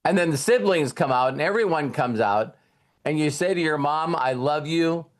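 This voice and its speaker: A man's voice: fairly high pitch, animated, moderate pace. A man speaking in a somewhat raised voice, giving a motivational talk. He speaks loosely and casually, repeats words as he goes, and walks through a story by acting out the conversations.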